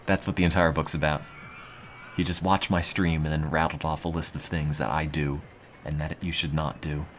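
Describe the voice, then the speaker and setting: A man streaming casually, reading aloud with a dry, deadpan, self-mocking monotone. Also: extremely low pitch, moderate pace, slight background noise. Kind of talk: casual live-stream chat.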